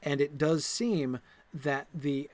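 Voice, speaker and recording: A man with a slightly high, somewhat mellow voice hosts a stream, speaking slowly as he plays a game. His lecture is casual and digressive, full of fillers and restarts, and he is enthusiastic and laughs at himself.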